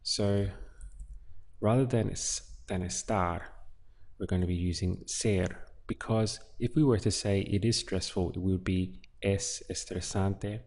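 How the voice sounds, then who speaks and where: A man's voice: deep voice, fairly even intonation, vocal fry, darkish tone. A man teaching a Spanish lesson, explaining translations word by word. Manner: slow, explanatory, talks through each word. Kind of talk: relaxed language lesson.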